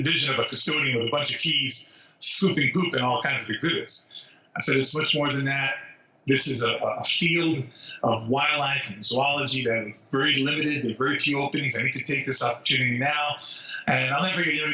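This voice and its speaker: A man in his sixties from New York City, telling stories from his life as an interview guest in an earnest, animated way. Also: medium pitch. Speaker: zoo spokesman, guest. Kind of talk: storytelling interview. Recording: roomy, distant, dull sound.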